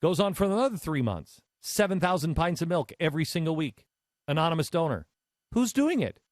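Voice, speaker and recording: A man hosting a talk show, telling a long story in a lively, halting way with many restarts. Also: a little high, no echo, clean studio sound. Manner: animated storyteller with frequent restarts. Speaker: radio show host. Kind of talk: talk radio storytelling monologue.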